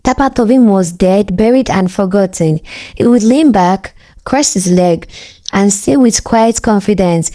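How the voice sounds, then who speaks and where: Brief: woman storyteller, scripted narration, warm mellow tone, middle pitch. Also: unhurried.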